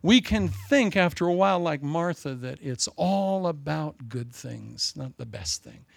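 An older man preaching a sermon in a folksy, humorous way, swinging between loud emphasis and soft asides. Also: on the high side, expressive, a little slow, gravelly, no echo.

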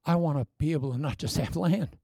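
A grown daughter pleads sweetly and earnestly with her father, her voice lifting as she asks , played by a man. The tone is gravelly and husky, with a dry, close sound. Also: on the high side, fast, dark tone, no room sound. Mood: pleading.

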